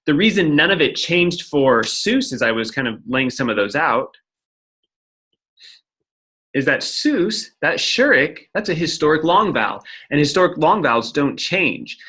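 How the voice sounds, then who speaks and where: A man's voice: on the high side, big pitch swings, unhurried, bright, forceful tone, slightly rough. A man teaching a lecture-style lesson, explaining step by step and often checking in with "right?". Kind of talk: recorded lecture at a whiteboard.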